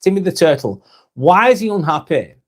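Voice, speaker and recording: A man's voice: sits high, animated, normal speed. A man hosting a casual live vlog, reading viewer comments aloud and chatting back to them.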